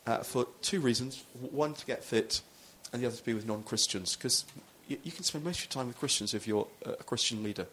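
A man's voice: medium pitch, fairly quick, hardly any pauses, a bit bright, a little hiss or hum. A man, a pastor, preaching a sermon in a loose, conversational storytelling way with frequent restarts.

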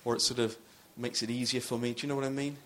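A man's voice: mid-range voice, level tone, fast talker, fairly bright tone, slight background noise. A man, a pastor, preaching a sermon in a loose, conversational storytelling way with frequent restarts.

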